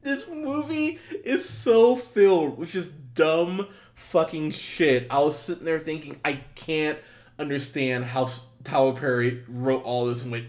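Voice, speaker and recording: A film reviewer and co-host of a movie podcast, this man speaks a little slowly with a slightly mellow voice. His casual chat is exasperated, full of swearing and restarts, and he mocks quotes by acting them out in high voices.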